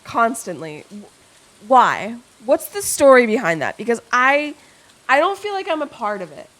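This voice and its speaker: A woman's voice: on the high side, big pitch swings, moderate pace, fairly bright tone. A young woman streamer chatting casually with her chat, playful and rambling, swearing freely and reading messages aloud.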